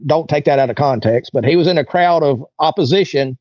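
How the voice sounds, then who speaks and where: Brisk and fairly high-pitched, a man shares a casual story as an interview guest, voicing the people he quotes. There's no echo, and the sound is dull, dry, and lo-fi.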